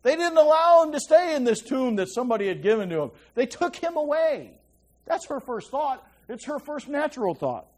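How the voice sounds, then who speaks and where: A man preaching a conversational Bible teaching, often checking in with his listeners and dropping to a hushed voice to stress a point. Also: extremely high pitch, big pitch swings, moderate pace.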